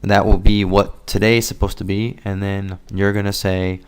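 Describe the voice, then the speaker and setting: A man teaching Spanish in a relaxed, casual lesson, explaining sounds and slowly modeling words for the listener to repeat. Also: lowish voice, clear, resonant tone. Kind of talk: casual spoken language lesson.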